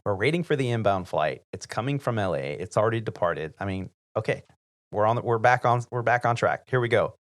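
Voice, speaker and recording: A man's voice: on the low side, a little fast, dry recording, clean studio sound. A man, an airline pilot, telling a casual story on a podcast and acting out the other people's lines. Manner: lively anecdote-teller who acts out others' lines.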